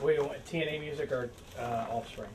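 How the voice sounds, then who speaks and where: A backstage crew member, a man, throwing out quick, clipped questions and prompts. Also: medium pitch, steady tone, recorded from a distance, slight background noise. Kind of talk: backstage planning talk.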